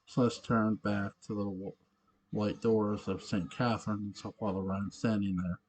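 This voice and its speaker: A man reading a story aloud, halting and often correcting himself mid-sentence. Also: on the low side, little pitch movement, a little mellow, slight background noise. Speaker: narrator.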